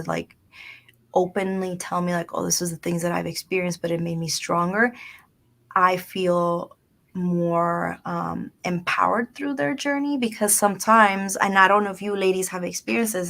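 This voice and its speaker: A woman's voice: lowish voice, creaky, a bit bright. A woman in her thirties telling stories in casual talk on a radio show, dropping Spanish phrases into her English. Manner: chatty storytelling with Spanish phrases mixed in. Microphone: studio microphone.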